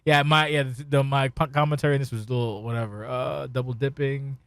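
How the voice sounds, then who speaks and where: A man hosting a casual podcast, talking in an excitable, profane, rambling way. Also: mid-range voice, fast, clean tone, no room sound, clean studio sound. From Spanish heritage. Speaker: podcast host.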